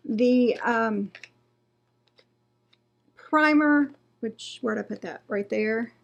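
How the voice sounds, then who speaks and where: A chatty woman talks through a beauty unboxing. Her voice sits a little high with a gravelly edge. She reads out product details, then trails off and restarts mid-thought. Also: drawn-out words, long pauses, lo-fi sound. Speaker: beauty vlogger. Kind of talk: casual unboxing chat.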